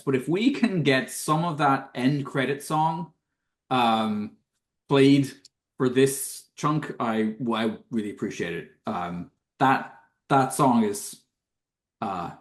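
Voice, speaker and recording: A man co-hosting a podcast, talking about films in an amused, enthusiastic way. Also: mid-range voice. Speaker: podcast co-host and film writer. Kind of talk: casual chat.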